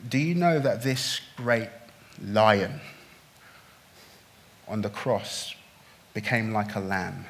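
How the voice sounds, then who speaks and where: A man preaching a sermon, swinging from hushed, slow lines to loud, pleading outbursts. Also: fairly low pitch, animated. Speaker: pastor.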